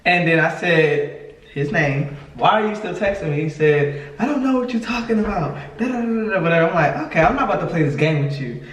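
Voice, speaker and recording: There's a little hiss or hum on this distant, echoey recording of a podcast co-host. His voice is slightly high and fairly quick, and he animatedly tells a casual story, performing quoted dialogue and laughing often.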